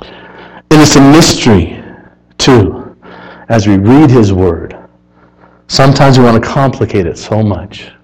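A man preaching a sermon in an earnest way, rising to animated emphasis and dropping to quiet asides. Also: mid-range voice, measured pace, pauses often, slight background noise, poor audio.

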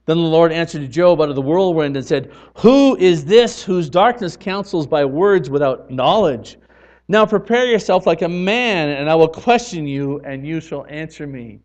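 A man delivers a sermon in a slightly raised voice, earnest and emphatic, swinging between hushed moments and forceful declarations. The recording sounds muffled and lo-fi. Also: fairly high pitch, expressive, normal speed. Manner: earnest preaching, swelling to loud emphatic lines. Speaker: pastor.

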